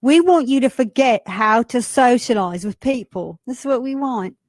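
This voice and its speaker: A slightly high-voiced woman hosts a talk show with biting sarcasm and lively asides. Her voice sits close and dry on the mic, with no room sound. She mocks and jokes at a brisk clip. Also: no echo. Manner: mocking, animated, quick asides. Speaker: radio talk show host. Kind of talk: sarcastic political commentary.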